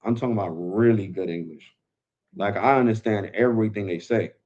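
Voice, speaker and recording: A man's voice: fairly low pitch, a little fast, a little mellow. A man hosting a tech live stream, talking casually and loosely, calling viewers bro. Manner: laid-back, slangy, calls viewers bro. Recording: dull lo-fi sound.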